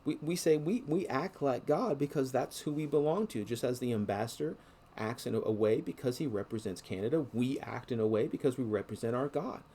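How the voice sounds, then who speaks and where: Middle-aged preacher guy, mellow voice, earnest and chatty, lots of restarts. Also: medium pitch, brisk, husky. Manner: earnest, conversational with frequent restarts. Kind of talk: sermon.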